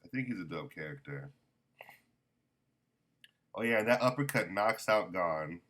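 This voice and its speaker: A man's voice: low-pitched, lively intonation, a little slow, fairly bright tone. A man casually reviewing a manga volume, rambling with many ums and self-corrections.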